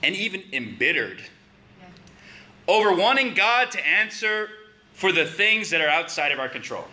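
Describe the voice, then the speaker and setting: A man's voice: high voice, big pitch swings, normal speed, sharp tone. A man preaching a conversational sermon, building to emphatic questions.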